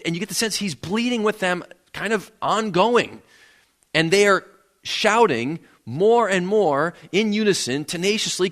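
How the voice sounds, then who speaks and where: A man delivering a sermon in a church sanctuary, his voice sitting a little high for a man. He speaks earnestly and often repeats words as he builds toward a point. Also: animated, a little slow, fairly bright tone. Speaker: pastor.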